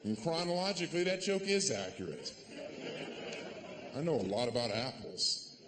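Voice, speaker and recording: Sardonic male stand-up comic, lively pitch. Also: moderate pace, big-room sound, background noise. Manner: sardonic, deadpan delivery with sudden yelled punchlines. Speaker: stand-up comedian. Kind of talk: stand-up comedy. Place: comedy club stage.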